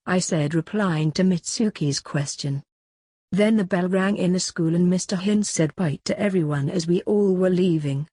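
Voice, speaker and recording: A woman narrating a first-person story in a plain, even reading. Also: on the low side, moderate pace, no room sound. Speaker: audiobook reader.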